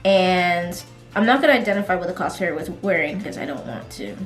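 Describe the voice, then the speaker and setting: A woman vlogger telling stories in a casual chat, animated and laughing often as she goes. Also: on the low side, fairly quick, echoey room, soft background music. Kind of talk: casual storytelling vlog.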